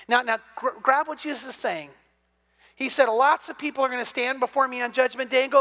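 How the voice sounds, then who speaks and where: A middle-aged man preaching a sermon as pastor, animated and acting out dialogue as he teaches. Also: extremely high pitch, a little fast.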